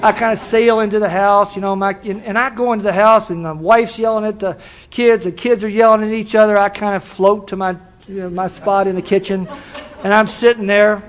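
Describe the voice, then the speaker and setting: An older man telling his personal story to an audience at a recovery meeting, self-deprecating and folksy, with halting restarts. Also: high voice, steady tone, highs cut off. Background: audience laughter.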